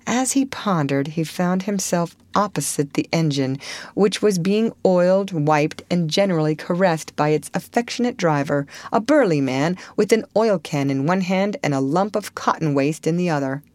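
A woman narrating a classic children's story aloud in an expressive reading. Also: fairly low pitch, normal speed, no echo. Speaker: audiobook narrator.

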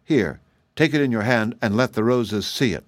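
A man's voice: medium pitch, normal speed, no echo, studio quality, close to an everyday voice. A man voicing an easygoing, friendly wandering man in a storybook.

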